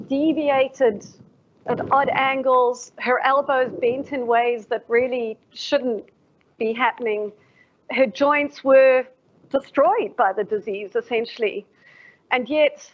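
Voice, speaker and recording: Woman lecturer, reflective, poses questions to the room; slightly high voice, muffled livestream sound. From South Africa. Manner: reflective, asks the audience questions. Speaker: professor giving a lecture. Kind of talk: formal public lecture. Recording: dull lo-fi livestream audio.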